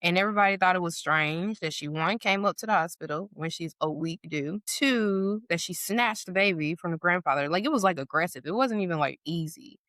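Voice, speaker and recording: Telling a story on a podcast she co-hosts, this woman acts out the people in it in a high voice and says "like" and "or whatever" a lot. She talks a little fast with hardly any pauses, recorded in a studio with no echo.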